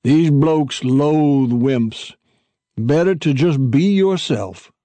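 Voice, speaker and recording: A man's voice: fairly high pitch, very slow, dark tone, no echo. A man voicing a formal, self-assured old male dog who speaks in stately, old-fashioned phrases. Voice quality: pompous, old-fashioned diction.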